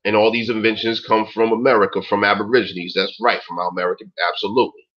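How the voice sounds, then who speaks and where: A man in his forties fires off a casual talk-stream rant in a lowish, fairly even voice, speaking fast. It's emphatic and profane, dotted with "yo" and "man," and recorded in dull lo-fi quality.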